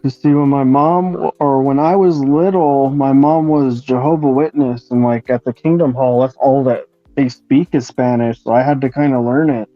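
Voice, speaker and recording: A man chatting casually and calmly while he paints, explaining as he works. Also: mid-range voice, normal speed, few pauses, no echo. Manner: relaxed, explains while working. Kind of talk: casual chat. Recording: dull lo-fi sound.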